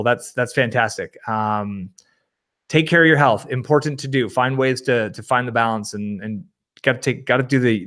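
A man hosting a live stream, reading viewer comments and answering in a rambling, animated way. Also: medium pitch. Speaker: livestream host. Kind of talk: casual live Q&A.

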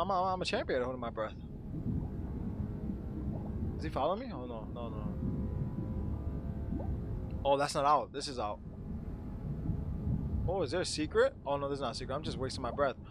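A man playing a horror game and commenting to himself in a jumpy, excitable way, with game music behind him. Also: on the high side, normal speed, long pauses, heavy background noise. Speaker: gaming channel host. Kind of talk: let's play commentary.

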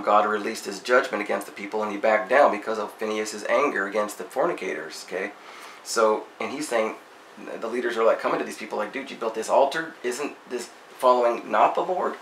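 A man's voice: on the low side, vocal fry, sharp tone. A man reading verses aloud and explaining them in casual, slangy everyday talk, like a Bible study. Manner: reads scripture aloud then paraphrases it in slangy everyday talk. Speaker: Bible teacher. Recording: echoey room with faint noise.

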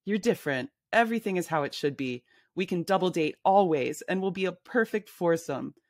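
A woman's voice: on the low side, lively intonation, a little fast, dry recording, studio quality. A woman reading as a brash, pushy woman friend. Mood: chatty. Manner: pushy, blunt, bossy. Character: brash, loud adult woman friend at a bar. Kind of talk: reading a memoir aloud.

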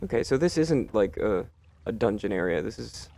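A man's voice: on the low side, sing-song, normal speed, creaky, warm tone, a little hiss or hum. A man commentating his own gameplay, joking and sarcastic, talking back to game characters. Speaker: let's play host.

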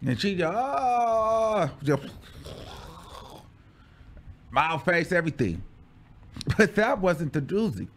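High-pitched guy spilling a story time tale, voice swooping up and down, super dramatic and exclamatory. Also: sing-song, a little slow. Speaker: vlogger telling a personal story.

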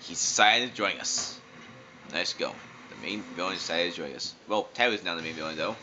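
A man's voice: deep voice, lively intonation, moderate pace, a little hiss or hum. A man giving casual, jokey let's-play commentary, talking back to the game characters as he plays. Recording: dull lo-fi sound with loud game music.

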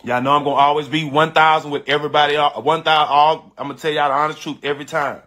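A man with a fairly high, bright, forceful voice tells a story to his viewers in a loose, slangy way. He talks emphatically and frankly, circling back to repeat his key lines. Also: fast talker. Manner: animated and emphatic, repeating phrases, addressing listeners as "dog" and "bro"; frank and confessional, with slangy speech. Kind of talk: casual storytelling to an online audience.

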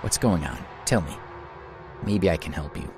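A man voicing a calm young hero who speaks coolly and cuttingly. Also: fairly low pitch, normal speed, over music. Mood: grave.

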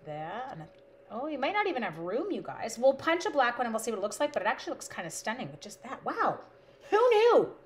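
A woman's voice: a little high, very animated, quick pace. Bubbly, chatty woman crafting live. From Canada. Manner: bubbly, playful, chatty, talks to her supplies. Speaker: live-stream crafting host. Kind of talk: casual live-stream chat with viewers.

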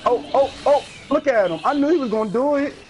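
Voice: sits high, fast talker, a crowd in the background, background noise. A gamer giving running commentary on an online fighting match, taunting opponents over and over in a teasing, sing-song way. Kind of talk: trash-talking gameplay commentary.

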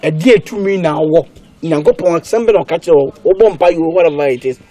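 A man's voice: a little high, brisk, warm tone, lightly acted. An actor playing a stern man who lectures his family in a film drama. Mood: lecturing.

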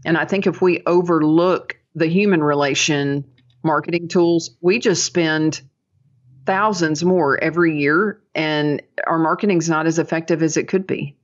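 A woman's voice: deep voice, fairly even intonation, a little slow. A woman guesting on a podcast as a dental business coach, talking in an upbeat, chatty way with many fillers. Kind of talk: casual podcast interview. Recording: dull lo-fi audio.

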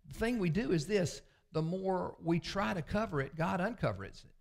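A man, a pastor preaching a sermon with folksy, confessional storytelling that often sinks to a low murmur. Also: expressive, moderate pace, creaky. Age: 60s.

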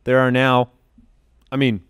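A man's voice: mid-range voice, completely flat delivery, unhurried, a bit bright, clear, resonant tone, no echo, studio quality. A man hosting a podcast in casual chat, upbeat and joking as he runs the show. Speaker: podcast host. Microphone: studio podcast mic.

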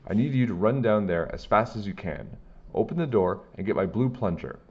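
A man voicing a bold, eccentric woman school custodian who acts like a superhero, with a brisk, commanding manner. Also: on the low side, expressive, highs cut off. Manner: brisk, commanding, self-assured.

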